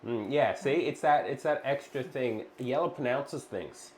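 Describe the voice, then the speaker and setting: Woman co-host, very low voice, chatty with lots of ums, faint hum in an echoey kitchen. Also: measured pace, darkish tone. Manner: chatty, reads chat aloud, many ums. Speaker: cooking stream co-host. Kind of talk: casual chat with live chat. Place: small home kitchen.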